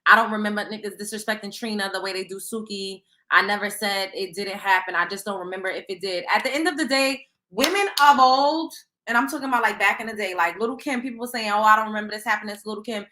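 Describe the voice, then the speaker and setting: Blunt, animated woman host in an echoey room. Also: medium pitch, quick pace. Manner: blunt, animated, swears freely, acts out quotes. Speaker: host of a celebrity gossip livestream. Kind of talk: casual opinionated commentary.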